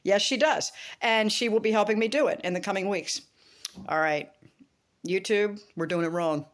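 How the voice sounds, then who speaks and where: A woman's voice: medium pitch, normal speed. Chatty middle-aged woman vlogging. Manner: chatty, laughs often, acts out quoted dialogue. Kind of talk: casual vlog chat.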